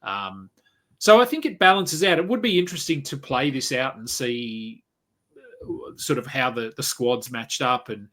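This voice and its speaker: A man at medium pitch with a bright, forward tone talks through draft picks in an easygoing way, thinking aloud with plenty of fillers. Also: lively intonation, normal speed. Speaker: guest analyst. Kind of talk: casual fantasy sports chat.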